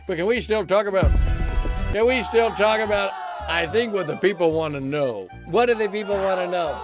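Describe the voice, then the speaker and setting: A man's voice: high-pitched, a little fast, vocal fry, music in the background. A man hosting a live comedy show, rambling in a mock-pompous way and breaking into song. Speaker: host.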